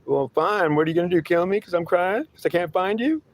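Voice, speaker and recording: A man voicing a frustrated, weepy man who has long searched for god, whiny and defensive, pitched above his usual voice, in an improvised two-voice monologue. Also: brisk, close to an everyday voice.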